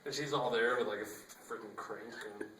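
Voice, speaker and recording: A man's voice: medium pitch, normal speed, a little hiss or hum. Echoey young man telling a story. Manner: rambling, animated, acts out dialogue, laughs often. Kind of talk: casual storytelling vlog. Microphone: phone camera. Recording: echoey phone recording from a distance.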